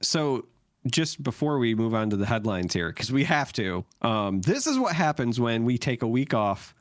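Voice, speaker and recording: A man's voice: mid-range voice, sing-song, moderate pace, no echo, studio quality. A young adult man co-hosting a podcast, chatty and wry, with lots of likes in casual chat. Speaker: podcast co-host.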